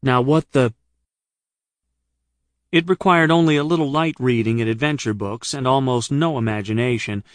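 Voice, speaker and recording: Speaking a little fast with few pauses, an American man reads his comic travel memoir aloud in first person. His medium-pitched voice is close-miked, dry and wry in manner, with no room sound.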